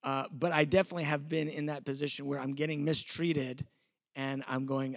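A man's voice: medium pitch, little pitch movement, a little fast, dry recording, clean studio sound. A man in his fifties, a pastor, teaching a sermon in a conversational, self-deprecating way, acting out the exchanges he quotes.

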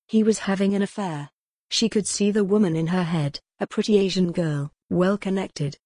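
A woman narrating a gothic novel in an even, steady storytelling voice. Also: mid-range voice, moderate pace, dry recording, studio quality. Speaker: audiobook narrator.

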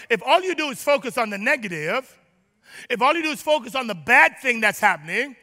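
A male pastor preaching a sermon in a church, emphatic, rising to shouts and dropping to low asides, calling on the congregation to respond. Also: animated, a little fast, long reverb tail. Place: church sanctuary.

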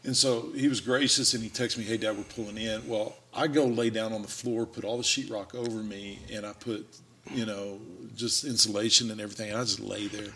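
A man's voice: fairly low pitch, level tone, brisk, background noise. A man, a podcast guest telling a story in an easygoing way. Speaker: guest, business owner. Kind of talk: casual storytelling.

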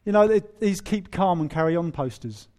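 A man preaching a sermon in a humorous, animated way, acting out quoted voices. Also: sits high, brisk. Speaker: pastor.

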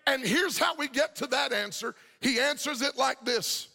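A man preaching a sermon, shouting and half-singing his phrases with passion. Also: very high voice, moderate pace, vocal fry, big-room sound.

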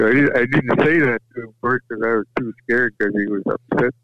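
A man whose first language is Yup'ik, telling a personal story in an unhurried, halting way, often restarting his sentences. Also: medium pitch, dry recording. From Alaska. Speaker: guest sharing a personal story. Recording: dull lo-fi dry recording.

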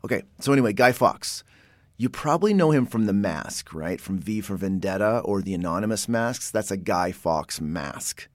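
A man's voice: on the low side, lively intonation, normal speed, dry recording, clean studio sound. A man from Oklahoma hosting a casual word-history explainer, chatty and digressive, often restarting and correcting himself. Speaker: podcast host.

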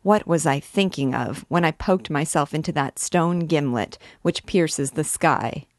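A woman's voice: deep voice, a little slow, no echo, studio quality. A woman reading aloud, voicing a mischievous young male student with a playful, teasing manner.

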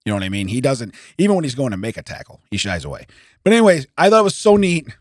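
A hoarse man co-hosting a podcast, telling a story in casual chat, laughing often and acting out the people he quotes. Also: medium pitch, very animated, very fast, dry recording, clean studio sound. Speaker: podcast co-host. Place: podcast studio.

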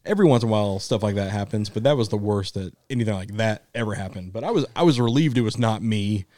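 A man's voice: fairly low pitch, quick pace, darkish tone, no echo. A man co-hosting a podcast, telling a rambling story with frequent laughs and casual swearing. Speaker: podcast co-host. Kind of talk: casual chat.

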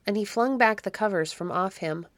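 A woman narrating a classic children's story in a measured, expressive reading. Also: mid-range voice, no room sound, clean studio sound. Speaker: audiobook narrator.

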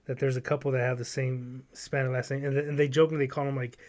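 A man co-hosting a podcast, chatting casually and telling stories with quick put-on voices. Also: mid-range voice, level tone, a little mellow. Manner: playful storyteller, slipping into quick put-on voices. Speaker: podcast co-host. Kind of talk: casual chat.

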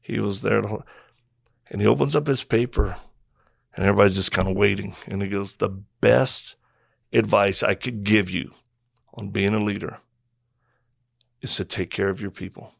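Gravelly-voiced man telling war stories. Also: lowish voice, normal speed, long pauses, dry recording, clean studio sound. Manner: animated storyteller, acts out quotes and sound effects. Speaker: former Marine telling stories. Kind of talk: casual storytelling conversation.

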